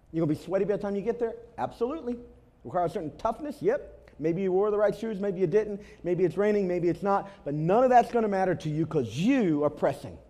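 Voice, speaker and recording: A male pastor delivers a sermon in a church, his voice sitting a little high for a man. He tells stories with animation and leans on repeated words for emphasis. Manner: animated storytelling with emphatic repetition. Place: church before a congregation.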